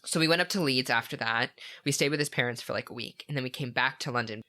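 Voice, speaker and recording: A young man on a podcast, chatting casually with a bright, forceful edge to his voice. He tells his story eagerly and rambles, with lots of "like" and "um" along the way. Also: mid-range voice, fast talker. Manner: enthusiastic, rambling storytelling with many "like"s. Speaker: podcast co-host. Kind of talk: casual chat.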